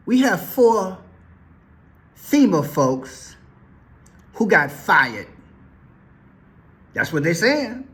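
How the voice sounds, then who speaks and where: A man's voice: high-pitched, fairly bright tone. A man giving casual, joking commentary, folksy and talking straight to his viewers. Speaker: commentary vlogger.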